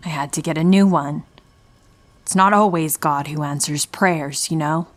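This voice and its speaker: Sinister doll-spirit woman as a male narrator puts her on, sarcastic monotone, raised pitch, hollow unfamiliar tone, horror story. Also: moderate pace, lightly acted. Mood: cold, mocking. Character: sinister female spirit inside a lifelike doll.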